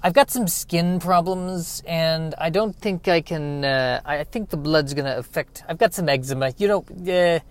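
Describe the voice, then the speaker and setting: A man's voice: a little high, normal speed, few pauses, close to an everyday voice. A man voicing a nervous male servant who stammers and hesitates. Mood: flustered. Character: nervous male servant, eager yet squeamish.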